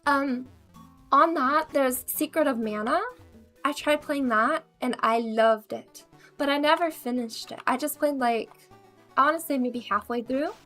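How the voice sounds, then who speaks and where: Woman, bubbly game streamer, slightly high voice, casual chatter, faint music behind. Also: a little slow, a bit bright. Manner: bubbly, chatty, laughs often. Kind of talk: casual gaming chat.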